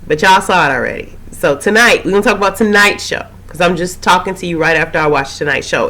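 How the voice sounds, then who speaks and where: A woman recapping a TV episode in a casual, rambling way, her voice slightly hoarse after a cold. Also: lowish voice, quick pace, hardly any pauses, pushed and bright. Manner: chatty, rambling, with frequent fillers and asides. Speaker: TV recap host.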